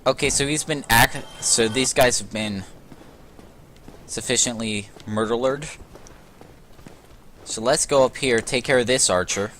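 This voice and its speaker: A man's voice: medium pitch, a little slow, pauses often, a bit bright, slight background noise. A young man hosting a let's play, joking and sarcastic as he talks through the game and swears casually. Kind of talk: casual gameplay commentary.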